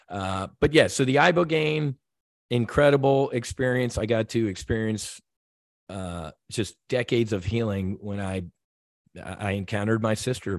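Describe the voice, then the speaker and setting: Earnest man telling a halting, heartfelt story. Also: on the low side, no echo, studio quality. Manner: halting, with many restarts and repeated words. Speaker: podcast guest. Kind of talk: candid personal storytelling.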